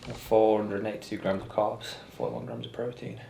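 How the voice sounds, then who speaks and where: A man's voice: fairly low pitch, flat delivery, brisk, vocal fry, dark tone, a little hiss or hum. A man, a pro cyclist vlogging in a casual, joking, rambling way. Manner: chatty, joking, rambling with fillers. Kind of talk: casual chat.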